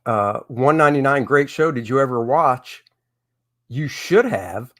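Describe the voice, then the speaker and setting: A middle-aged comic artist hosts a casual live stream, rambling in a candid, opinionated way. His voice is medium-pitched, a little slow, and fairly bright in tone.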